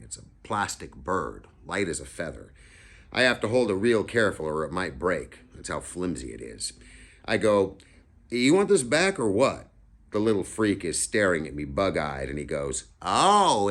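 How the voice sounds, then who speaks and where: A man narrates a novel in the first person, keeping a relaxed, conversational storyteller's way about it. His voice sits very low. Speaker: audiobook reader.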